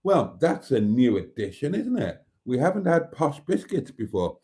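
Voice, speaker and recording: A man's voice: medium pitch, very animated, moderate pace, dark tone. A man hosting a casual livestream, reading viewer comments aloud in a chatty, playful way and repeating items back to callers. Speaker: livestream host.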